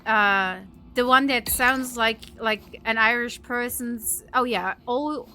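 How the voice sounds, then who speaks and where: Slow-talking, bright-voiced woman streamer. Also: fairly high pitch, steady tone, slight background noise. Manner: chatty, giggly, thanks viewers and reacts to chat. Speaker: live streamer. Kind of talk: casual live-stream chat while gaming.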